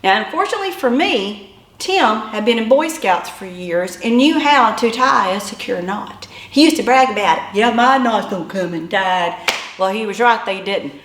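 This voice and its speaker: A woman telling a personal story in an animated way, building to yelps and shouts. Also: fairly high pitch, reverberant.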